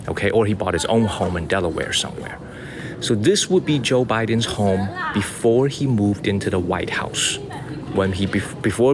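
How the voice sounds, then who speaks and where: Brief: low-voiced, gravelly American male streamer touring a garden on a phone mic, outdoor noise around him. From United States. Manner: chatty, repeats himself, addresses viewers as y'all. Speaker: livestream host and tour guide. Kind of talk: casual live-stream tour talk. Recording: noisy outdoor ambience.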